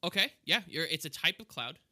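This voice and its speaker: A man with a bright, edgy tone talks through aviation terms on a casual podcast. He explains patiently and laughs easily. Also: on the high side, expressive, fairly quick. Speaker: co-host, airline pilot.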